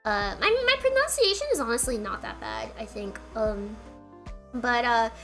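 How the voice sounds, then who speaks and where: A woman's voice: a little high, expressive, moderate pace, vocal fry, pushed and bright, soft background music. A woman streamer telling a rambling story in a casual, giggly way, full of filler words, with her throat getting tired. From United States.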